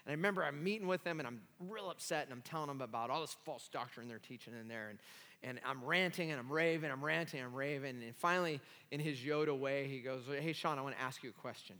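A man pastor preaching an animated, self-deprecating sermon with many restarts in a church hall. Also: medium pitch, fast talker.

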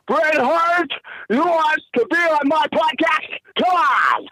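A swaggering veteran wrestler, full of loud boasts and sudden whooping shouts. His voice sits high and a little gravelly, bragging in a rolling, sing-song rhythm. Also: no room sound, exaggerated voice, rough recording. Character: brash flamboyant veteran male wrestler, strutting.

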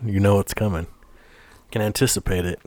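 Profane, laughing low-voiced American man. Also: normal speed, no room sound. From United States. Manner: profane, laughing, animated banter. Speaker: podcast co-host. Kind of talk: casual podcast chat.

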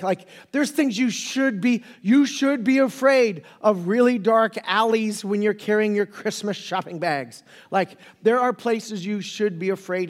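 A middle-aged male pastor with a fairly high voice, joking and rambling through a casual sermon. His voice rings out with a long reverb, as if it were heard in a church sanctuary. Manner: joking, rambling, animated storytelling.

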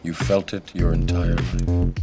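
A deep, gravelly, grave mentor over loud music. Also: male voice, level tone, measured pace. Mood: ominous. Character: grave, mysterious male mentor. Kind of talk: film dialogue clip. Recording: film clip under loud electronic music.

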